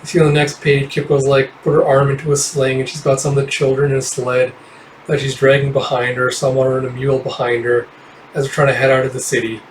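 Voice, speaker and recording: A man's voice: mid-range voice, little pitch movement, fast talker, a little hiss or hum, poor audio. A man casually narrating a comic book readthrough, loose and rambling with lots of filler words.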